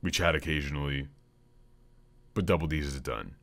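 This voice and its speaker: A man's voice: rumbling low, normal speed, a bit bright. A man hosting a comedy podcast, rambling through a profane, jokey monologue. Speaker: podcast host.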